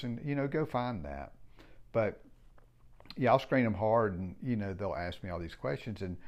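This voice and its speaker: A man's voice: on the low side, a little mellow, lo-fi sound. A middle-aged man who runs a home building company talks casually and reflectively in a rambling, frank way and swears now and then. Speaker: home builder, business owner.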